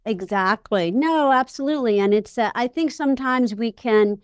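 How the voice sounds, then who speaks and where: A woman hosting an interview, answering in soft murmurs and slow, reflective sentences. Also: a little high, dry recording, clean studio sound. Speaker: podcast host. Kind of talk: interview chat.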